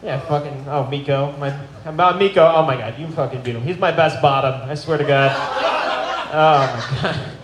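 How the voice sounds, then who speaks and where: A high-pitched man tears into his friends at a live roast, cursing, rambling and chuckling between jokes. His voice rings through an echoey bar, with loud noise behind him. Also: moderate pace. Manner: profane, rambling, laughing at his own jokes. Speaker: roast guest of honor.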